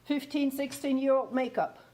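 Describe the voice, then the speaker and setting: A woman in her fifties, a non-native English speaker, gives a conversational teaching talk as a guest speaker on grief. Her voice is high-pitched, steady and warm at a normal speed, and she laughs often while checking that listeners can hear her.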